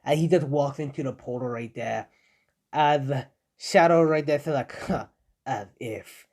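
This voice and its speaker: A young man improvising a fan story out loud, rambling, with many fillers and self-corrections. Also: on the high side, moderate pace. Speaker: fan-fiction narrator.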